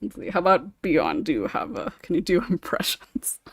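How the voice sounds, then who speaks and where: Lively low-voiced woman hosting a podcast. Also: normal speed, creaky, husky, dry recording, studio quality. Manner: laughs often, reads listener questions aloud. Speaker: podcast host. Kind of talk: casual panel chat.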